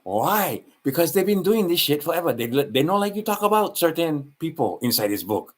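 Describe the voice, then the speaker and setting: A man's voice: on the high side, big pitch swings, normal speed. A man with a Hawaiian Pidgin accent talking in a casual, rambling monologue, full of restarts and slang.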